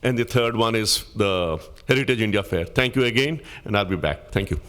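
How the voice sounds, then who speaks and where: Fast-talking man, halting thanks. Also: fairly low pitch, expressive, fairly bright tone. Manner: rushed, halting phrasing. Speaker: public commenter. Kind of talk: public comment speech.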